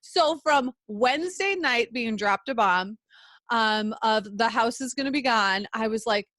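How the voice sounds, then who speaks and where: A woman's voice: a little high, a little slow, no room sound. Chatty woman with a dry, close voice. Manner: animated, breathless retelling with many "like"s. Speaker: podcast co-host. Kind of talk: casual personal storytelling.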